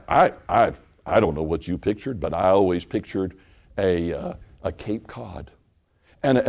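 A middle-aged man preaching a sermon, swinging from loud emphatic stretches to quiet asides. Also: lowish voice. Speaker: pastor.

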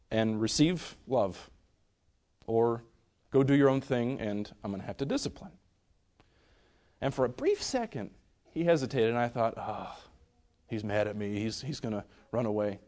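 Earnest young preacher, loud then hushed. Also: male voice, mid-range voice. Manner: earnest, swings from loud emphasis to soft hushed tones. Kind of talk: sermon.

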